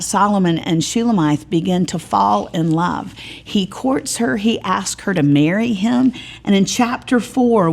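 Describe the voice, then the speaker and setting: Lady bible teacher, kinda low voice, chatty and lively, does little voices for quotes. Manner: animated, folksy, acts out voices when quoting.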